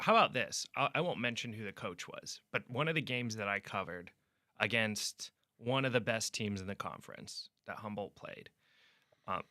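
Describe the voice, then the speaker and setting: A young man, a sports reporter, telling a story in an animated way and acting out quotes during a podcast interview. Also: medium pitch, no echo, studio quality.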